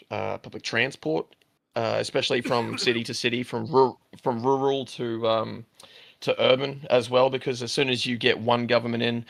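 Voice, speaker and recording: A man's voice: mid-range voice, vocal fry, a bit bright, no room sound. A man with an Australian accent chatting casually on a livestream, blunt and crude with plenty of fillers. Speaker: livestream host. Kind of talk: casual chat.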